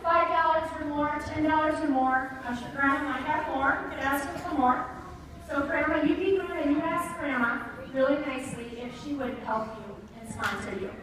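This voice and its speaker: A woman's voice: high voice, moderate pace. A woman giving an upbeat, coaxing motivational talk to schoolchildren at an assembly. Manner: upbeat, coaxing, addresses kids directly. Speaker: youth market director at a school assembly. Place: large echoey school gym. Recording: echoey hall, distant mic, crowd noise.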